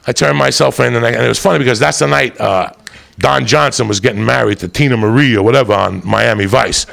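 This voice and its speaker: Man, very gravelly voice, mid-pitched, profane, rambling comic storyteller. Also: fast talker, a bit bright. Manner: profane, rambling, laughs while telling.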